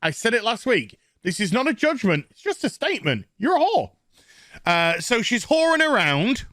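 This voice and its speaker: A Northern English man tears into a TV episode with crude, mocking sarcasm. His pitch leaps all over the place as he lurches between voices. The sound is close and dry, with no room around it. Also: sing-song, normal speed, bright, forceful tone, dry recording. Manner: mocking, crude, acts out characters in silly voices. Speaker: TV show reviewer. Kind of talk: sarcastic recap rant.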